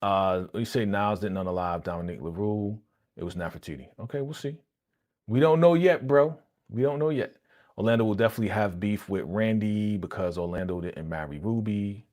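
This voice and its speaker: A low-voiced man riffs loosely and casually as he hosts a live reaction stream. He talks in an animated, slangy way and speaks directly to his viewers in the chat. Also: fairly quick.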